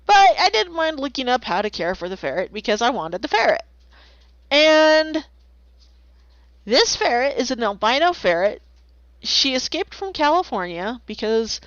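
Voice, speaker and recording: A woman's voice: sits high, fairly bright tone, dry recording. A woman streaming while she draws, chatting casually and playfully, rambling and making silly noises. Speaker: streamer drawing commissions. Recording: slightly dull lo-fi, dry.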